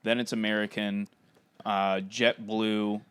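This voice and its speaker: A man's voice: lowish voice, little pitch movement, takes it slowly, fairly bright tone, smooth, no room sound. A man holding forth in a casual comedic podcast chat, joking and ranting in a boastful, rambling way.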